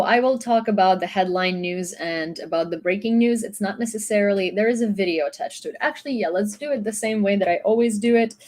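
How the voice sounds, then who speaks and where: A woman's voice: mid-range voice, darkish tone. A young woman from Ukraine, chatting loosely through a news recap with fillers and restarts. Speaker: YouTube news host. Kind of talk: casual news commentary.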